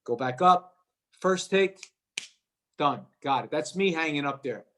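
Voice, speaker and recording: A male actor guest telling a lively anecdote, acting out the voices of the people in it and often repeating his words. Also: a little high, a little slow, slight background noise. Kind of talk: animated storytelling.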